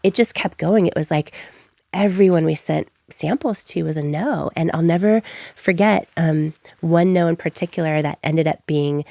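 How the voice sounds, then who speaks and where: Woman, gravelly tone, animated interview storytelling, dry sound. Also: low voice, moderate pace, dry recording. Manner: animated, acts out her own past lines. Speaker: entrepreneur guest.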